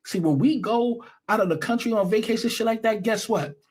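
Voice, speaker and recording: A man's voice: high-pitched, brisk, darkish tone, breathy edge. A man from the United States giving blunt, profane reaction commentary in a heated rant.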